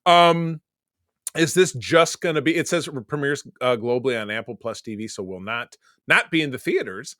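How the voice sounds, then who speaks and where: Male podcast co-host, chatty and excitable, full of fillers, recorded dry. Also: mid-range voice, moderate pace, no echo. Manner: animated, rambling with many fillers. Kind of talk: casual chat.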